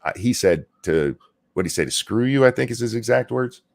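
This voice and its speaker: A male show host talking fast and ranting with sarcasm, dropping swear words as he goes. His pitch swings widely, rising and falling through every point. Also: creaky. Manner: animated, swearing, sarcastic rants. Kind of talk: casual political commentary chat.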